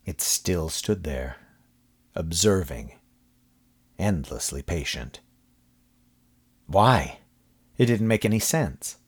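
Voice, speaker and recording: Deep, husky male storyteller. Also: slow pace, long pauses. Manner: expressive, dramatic storytelling. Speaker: audiobook narrator. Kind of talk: scripted horror story narration.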